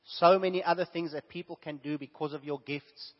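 A man preaching a sermon, sick with a fever and sore throat, swinging between hushed asides and loud emphatic exclamations. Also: fairly high pitch, fairly even intonation, a little fast. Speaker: pastor. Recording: echoey hall, dull lo-fi sound.

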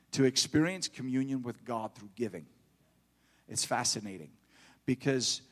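A middle-aged man preaching a fervent sermon in church, building to loud exhortation. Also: medium pitch, big-room sound.

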